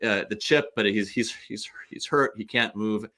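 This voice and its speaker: A man from the St. Louis area, a podcast guest, telling stories in an animated, rambling way with lots of restarts. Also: on the low side, normal speed. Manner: animated, digressive storyteller. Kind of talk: casual chat.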